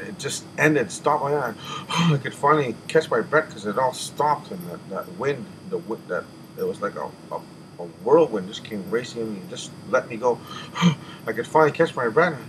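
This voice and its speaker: Halting, earnest man over background noise. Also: mid-range voice, expressive. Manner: halting, with many restarts and repeated words; earnest and emotional, sighing and catching his breath. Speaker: person telling a spiritual testimony. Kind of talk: personal spoken testimony.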